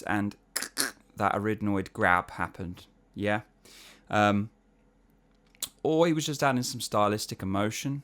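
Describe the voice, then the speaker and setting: Smooth-voiced male singing teacher. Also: lowish voice, fairly bright tone. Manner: explains technique, then sings short vocal exercises to demonstrate; casual, chatty, uses "yeah?" and "man". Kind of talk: online singing lesson answering viewer emails.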